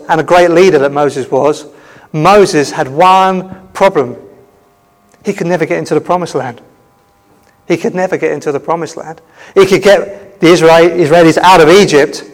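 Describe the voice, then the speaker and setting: Guy preaching, chatty and animated, fairly high voice, echoey hall. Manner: conversational, animated storytelling. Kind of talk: sermon.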